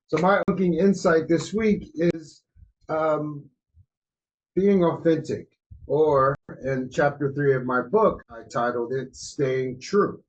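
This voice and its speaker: A man's voice: fairly high pitch, slow pace. A man from New Jersey co-hosting a podcast, telling stories in a loose, slangy way. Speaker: co-host. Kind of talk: casual podcast chat. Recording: muffled, lo-fi audio.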